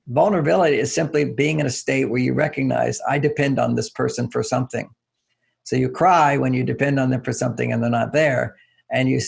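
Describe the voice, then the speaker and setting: An older man speaks in a mid-range, creaky voice with a breathy edge. He's being interviewed casually as a relationship author, explaining things through everyday examples and acting out short quotes in a raised voice.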